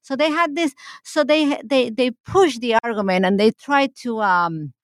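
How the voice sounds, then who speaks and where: A woman's voice: on the high side, moderate pace, no room sound. Rambling woman historian, dry close sound. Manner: rambling, many restarts and fillers. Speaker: historian guest. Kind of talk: casual interview talk.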